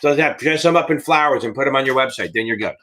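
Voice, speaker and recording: A man's voice: mid-range voice, quick pace, bright, forceful tone. A middle-aged American man teaching exam prep in a live Q&A, blunt and rambling, with frequent swearing.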